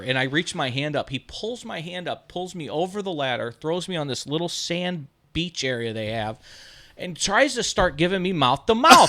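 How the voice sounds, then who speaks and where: A man's voice: a little high, sing-song, normal speed, sharp tone. Profane, laughing storyteller man in his thirties. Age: 30s. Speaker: podcast host. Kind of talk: casual storytelling chat.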